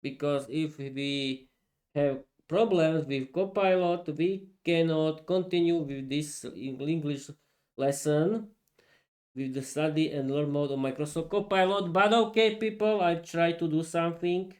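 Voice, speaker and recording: Guy teaching english on a stream, kinda high voice, slow and stop-start, laughs a lot. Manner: halting, laughs often, restarts sentences. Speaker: English teacher and podcast host. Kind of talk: casual live-stream lesson.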